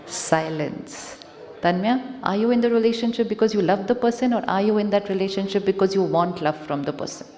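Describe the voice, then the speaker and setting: A woman speaks with an Indian English accent in a soft, mellow voice, addressing a live audience in a large conference hall. She asks her listeners questions and slips into Hindi as she talks. The sound rings with the long, echoey reverb of a big hall. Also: mid-range voice, a little fast. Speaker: spiritual speaker. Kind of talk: inspirational talk to a live audience.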